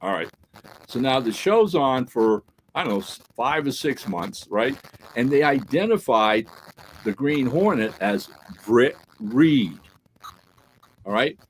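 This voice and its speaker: Animated man telling a story. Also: mid-range voice, slow pace, a little hiss or hum, poor audio. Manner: animated storyteller who acts out quoted dialogue; peppers talk with "right?" and "all right?". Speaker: podcast co-host. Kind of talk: casual podcast chat.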